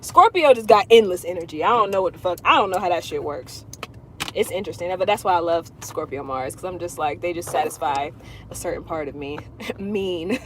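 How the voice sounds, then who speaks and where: A woman astrology reader chatting casually on a livestream from inside her car, blunt and profane, telling things with animated emphasis. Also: fairly low pitch, fairly quick, noisy background.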